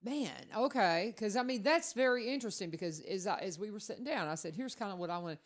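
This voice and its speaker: A woman co-hosting a radio talk show in a studio, at a middling pitch. She is chatty and animated. She tells stories freely and reacts warmly to her co-host. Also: quick pace. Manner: chatty and animated, laughs easily.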